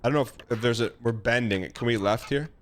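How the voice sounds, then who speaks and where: A man streaming a video game live, talking to his chat in a rambling, excitable way with many restarts. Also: mid-range voice, fast.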